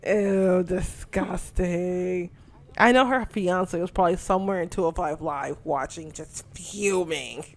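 A young woman co-hosting a casual chat, animated and blunt, swearing and laughing often. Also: on the low side, moderate pace, few pauses. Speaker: podcast co-host.

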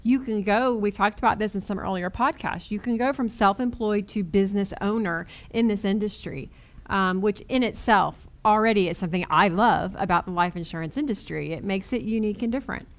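A woman's voice: mid-range voice, brisk. A middle-aged woman co-hosting a podcast, speaking earnestly and reflectively in casual conversation. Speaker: podcast co-host.

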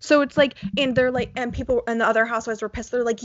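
A woman's voice: on the high side, steady tone, fast talker, few pauses, no echo, highs cut off. Blunt, profane woman chatting. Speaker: podcast co-host. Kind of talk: casual chat.

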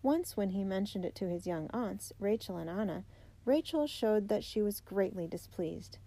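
A woman reading a children's biography aloud in a measured, steady way. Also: mid-range voice. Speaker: narrator.

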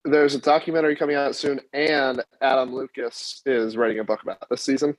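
A man's voice: mid-range voice, level tone, fairly quick, poor audio. Joking man on a sports chat.

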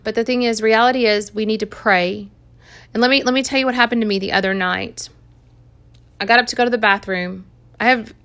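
In a bright, pushed voice of medium pitch, a Christian woman shares her earnest testimony, keeping it conversational with the occasional laugh.

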